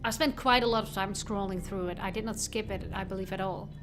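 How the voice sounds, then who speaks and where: A woman's voice: medium pitch, fairly even intonation, a little fast, over music. A young woman hosting a let's play, chatting casually and rambling, often restarting her sentences. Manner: chatty, rambling, self-interrupting. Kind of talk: casual game commentary.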